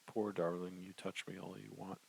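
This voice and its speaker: एक आदमी किताब पढ़ते हुए एक मरती हुई युवा औरत की नरम, कमज़ोर आवाज़ निभा रहा है।. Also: male voice, low-pitched, little pitch movement, normal speed, gravelly, breathy edge, full character voice, rough recording. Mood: weak, tender. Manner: soft, weak, tender. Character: dying young woman, gentle and brave. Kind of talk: audiobook reading.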